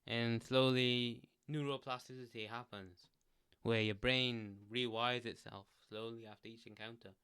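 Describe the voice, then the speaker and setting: Medium in pitch with a clean tone, this man speaks at a moderate pace with few pauses. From his chair he gives rambling, relaxed solo self-help advice into a desk mic, full of fillers, restarts, and "like."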